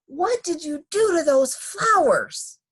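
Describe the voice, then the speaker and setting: A woman's voice: high-pitched, big pitch swings, takes it slowly, voice pushed up, full character voice. A woman voicing a fussy, bossy lady of the house in a storybook reading, with an exasperated, scolding manner.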